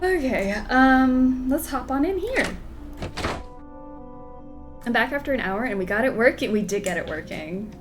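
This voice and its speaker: A woman streaming a video game, talking slowly and unhurriedly in a relaxed, joking way, laughing often with viewers. Her voice sits a little high, with faint music playing behind her. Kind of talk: casual gameplay commentary.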